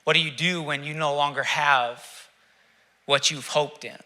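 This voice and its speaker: A male pastor preaching a sermon, reflective, asking rhetorical questions with dramatic pauses. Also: on the high side, fairly even intonation, pushed and bright.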